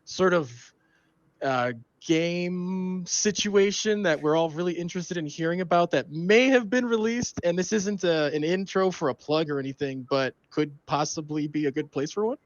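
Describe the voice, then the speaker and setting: High-voiced man on a dull, dry mic. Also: normal speed, no echo. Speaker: player. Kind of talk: casual stream chat.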